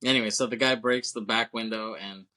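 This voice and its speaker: A man with a bright, forward voice chats casually on a movie podcast. He laughs often, swears freely and acts out bits of the film as he retells it. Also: on the low side, fairly even intonation, fairly quick. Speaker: podcast co-host.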